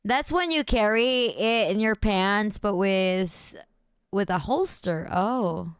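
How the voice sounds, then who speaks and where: A woman's voice: medium pitch, animated, slow pace, clean tone, no room sound, studio quality. A woman streamer chatting casually, reacting to news and her chat with giggles and mock outrage.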